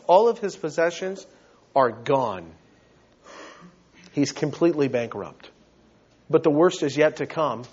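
A male pastor preaching a sermon, earnest and emphatic, often repeating words as he builds his point, on a dull, lo-fi recording. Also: high-pitched.

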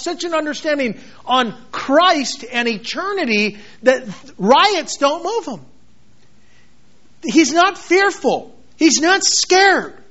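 A man preaching a sermon as a pastor, swinging from loud, emphatic outbursts to quiet, intense passages. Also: very high-pitched. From United States. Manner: dramatic, shifts between shouting and quiet intensity. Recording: dull lo-fi sound.

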